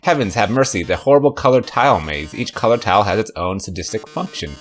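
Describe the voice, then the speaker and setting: Man doing showy male robot star, slow theatrical drawl, mock-tragic. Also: fairly low pitch, animated, soft background music, natural voice. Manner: theatrical, drawn-out stage delivery. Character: flamboyant dramatic male killer robot star.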